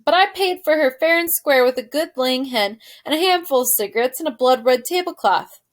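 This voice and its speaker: A woman voicing a greedy, indignant old man who shouts in outrage in a storybook read-aloud. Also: sits high, lively intonation, moderate pace. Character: greedy, blustering old uncle, male.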